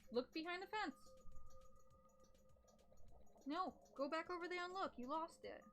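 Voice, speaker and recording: A woman's voice: extremely high pitch, brisk, fairly bright tone, soft background music. A woman streaming casually from home, switching between baby talk to her cat and blunt, profane asides. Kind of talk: casual livestream chat. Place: at home in a room with a TV.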